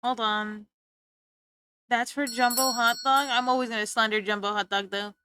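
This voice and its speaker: A woman's voice: a little high, steady tone, moderate pace, background noise. A young woman streamer chatting playfully with her viewers, teasing and giggling as she talks. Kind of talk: casual chat with stream viewers.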